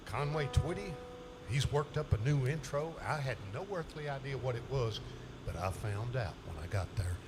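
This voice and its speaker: Man in his seventies, folksy stage storyteller, animated and laughing, live concert mic with room noise. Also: mid-range voice, moderate pace. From southern United States. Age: 70s. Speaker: country singer on stage.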